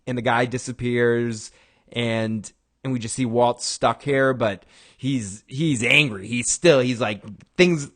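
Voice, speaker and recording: A man's voice: medium pitch, fairly even intonation, takes it slowly, fairly bright tone. A man hosting a casual talk show, recapping a TV episode in a rambling way, with frequent restarts and chuckles. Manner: acts out quoted lines in bursts of raised voice. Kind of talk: casual chat.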